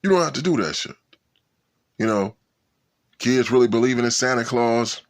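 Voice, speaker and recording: A man's voice: mid-range voice, lively intonation, normal speed. A man in a casual, profane rant, swearing and sounding incredulous. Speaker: vlogger.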